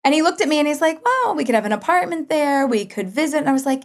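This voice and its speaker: A middle-aged woman talking casually as a guest, telling a personal story and acting out her own past lines with big jumps in pitch. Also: quick pace, few pauses. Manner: animated, quotes herself with big pitch jumps. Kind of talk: conversational storytelling.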